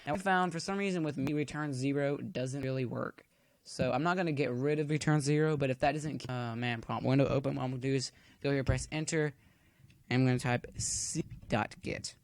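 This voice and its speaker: Recording a relaxed coding tutorial from home, this man talks briskly in a mid-range voice with no echo. He rambles on in a chatty way and fills any waiting time with corny jokes.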